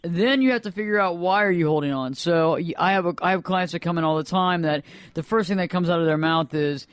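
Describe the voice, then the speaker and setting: A therapist hosts a casual radio talk, rambling and circling back as he explains. This man's voice sits high for a man. The sound is dry and close to the mic. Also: brisk, few pauses, smooth, dry recording. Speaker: therapist and podcast host.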